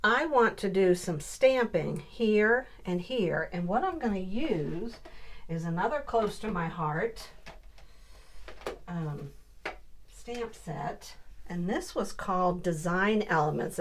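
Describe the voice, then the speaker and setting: A woman with a fairly low voice hosts a casual crafting tutorial, chatting upbeat with viewers while she works. There's a little hiss or hum in the audio.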